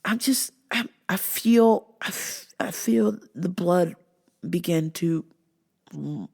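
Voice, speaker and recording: A woman hosting a podcast, talking casually to her listeners in a profane, animated rant. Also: lowish voice, takes it slowly, vocal fry, breathy edge. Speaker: podcast host. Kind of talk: casual solo monologue.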